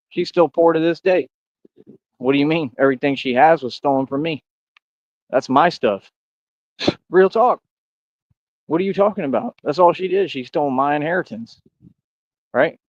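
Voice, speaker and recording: A man's voice: mid-range voice, no room sound, dull audio. Boastful man ranting at his chat. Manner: boastful, confrontational, says bro a lot. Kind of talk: livestream rant to chat.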